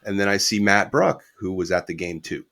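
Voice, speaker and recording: A man's voice: sits low, animated, brisk, creaky, a bit bright. A middle-aged man, a guest musician, telling a casual anecdote with quoted dialogue and the odd swear word.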